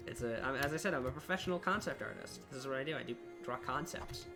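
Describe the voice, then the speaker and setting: A young man, a university student, chatting casually on a live stream while he works, muttering at his own progress in a self-deprecating way. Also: mid-range voice. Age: young adult. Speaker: streamer and level designer. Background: music and keyboard typing.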